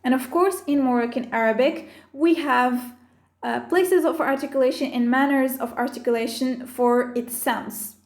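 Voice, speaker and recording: Female language teacher, high voice, careful measured delivery, roomy echo. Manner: slow, careful listing of sounds and terms. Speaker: Arabic teacher. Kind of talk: explaining phonetics with slides.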